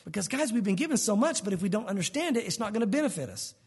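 A pastor preaches a sermon in a high, slightly husky voice. He is animated and rapid-fire, slipping into the voices of the people in the stories he tells.

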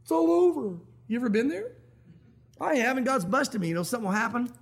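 A middle-aged man preaching a sermon as pastor, animated and acting out quoted voices. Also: very high-pitched, quick pace, creaky.

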